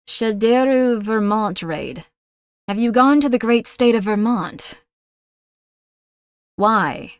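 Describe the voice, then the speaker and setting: A woman playfully voicing a stern, domineering female taskmaster who mock-yells orders at her audience. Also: on the high side, no room sound. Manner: mock-yelling, imperious scolding. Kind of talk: playful role-play on a livestream.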